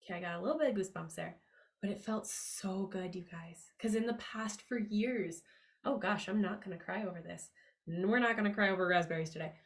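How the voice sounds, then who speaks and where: This is a woman hosting a podcast on money mindset, speaking at an ordinary middle pitch. She keeps it casual and upbeat. She talks in a chatty way, with fillers and side remarks. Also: brisk. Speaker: podcast host. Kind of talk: casual motivational talk.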